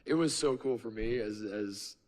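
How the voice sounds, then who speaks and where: A man's voice: lowish voice, moderate pace, darkish tone. A man in his thirties co-hosting a podcast, telling stories in a rambling, self-mocking way with lots of fillers. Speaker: podcast co-host. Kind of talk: casual storytelling chat.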